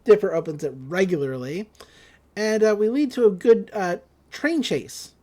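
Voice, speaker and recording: A woman hosting a podcast, recapping a cartoon episode in casual chat, with frequent laughs and quick quoted asides. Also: medium pitch, expressive, mellow. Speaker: podcast host.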